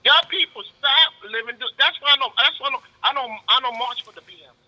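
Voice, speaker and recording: A man arguing in a heated talk debate with a very high, piercing, sharp voice. He stammers and restarts his sentences, repeating "true, true" as he pushes his point. The sound is dull and lo-fi, with a long reverb behind it. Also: quick pace. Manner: repetitive, stammers, says "true, true".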